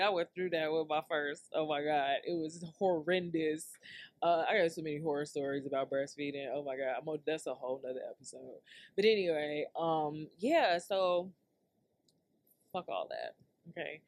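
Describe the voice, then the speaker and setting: A woman's voice: low-pitched, moderate pace, no room sound. Laid-back woman ranting on her podcast. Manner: loose, laughing, profane, talks straight to listeners. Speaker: podcast host. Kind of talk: casual solo rant.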